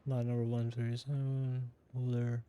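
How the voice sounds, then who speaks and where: Loud, clear-voiced male streamer. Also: medium pitch, monotone, normal speed, muffled recording. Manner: loud, offhand remarks. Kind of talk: casual gaming commentary.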